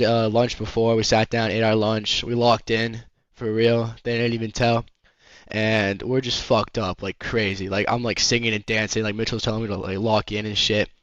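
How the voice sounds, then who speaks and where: A young man vlogger, his voice lowish, a bit bright and clean-toned, rambles through a storytime story; the recording is dry and the audio dull. He says "like" constantly and swears heavily in this casual chat.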